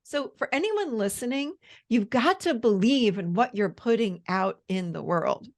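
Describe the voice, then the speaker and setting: Earnest woman coach, higher voice, really enthusiastic when she talks. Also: expressive, measured pace. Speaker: therapist and coach, guest. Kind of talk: casual interview chat.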